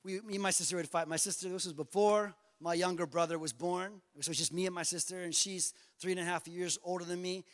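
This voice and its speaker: A man preaching a passionate sermon as pastor, repeating phrases and building to shouts. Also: high voice, steady tone, fast, few pauses, in a large hall. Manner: passionate, repetitive, rising to shouts.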